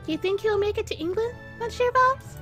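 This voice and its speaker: A woman voicing an eager young male bird assistant in a video game, exclaiming excitedly as she reads his lines. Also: very high voice, brisk, faint music behind, voice pushed up. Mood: anxious.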